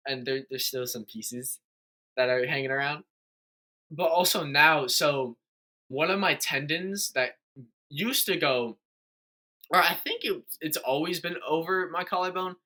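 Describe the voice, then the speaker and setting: A man's voice: a little high, measured pace, pushed and bright. A young man chatting casually as a podcast host, telling a long story with many fillers and restarts. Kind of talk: casual chat.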